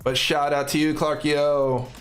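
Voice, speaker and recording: A man's voice: fairly high pitch, little pitch movement, unhurried, music in the background. A man streaming live coding, thinking aloud in casual, upbeat commentary.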